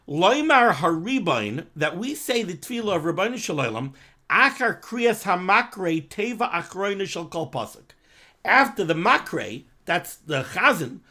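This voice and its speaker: Man, Torah teacher, animated classroom explanation, high-pitched, very expressive pitch. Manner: animated, quotes texts in Hebrew and Yiddish-flavored pronunciation. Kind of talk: daily halacha class.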